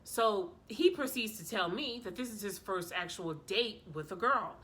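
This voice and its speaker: A woman vlogger telling a story in a casual, animated way, full of slang and sass. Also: mid-range voice, moderate pace.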